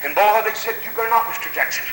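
South carolina preacher man, high sharp voice, hollers hallelujah, echoey church w/ a bit of hiss. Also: rapid-fire. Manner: animated, shouting hallelujahs, folksy. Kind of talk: storytelling sermon.

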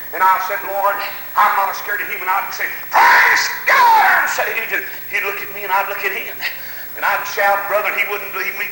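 A man from South Carolina telling a folksy story in a sermon, shouting hallelujahs as he preaches. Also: high voice, roomy sound, slight background noise, poor audio. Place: church.

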